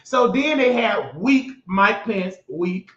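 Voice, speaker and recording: Young male host, slow and emphatic delivery with slangy mockery; roomy, dull lo-fi recording. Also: high voice, lively intonation, a bit bright. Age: young adult. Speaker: show host. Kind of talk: political commentary rant.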